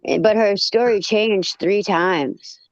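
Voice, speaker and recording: A woman telling a story in casual chat, blunt and profane, with animated retelling. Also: medium pitch, slow pace, no echo, lo-fi sound.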